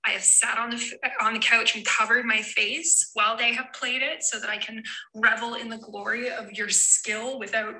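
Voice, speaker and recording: A woman recording a video message for a friend, her voice very bright and a little high. She gushes with pride and pokes fun at herself. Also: level tone, normal speed, rough recording. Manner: gushing, self-mocking.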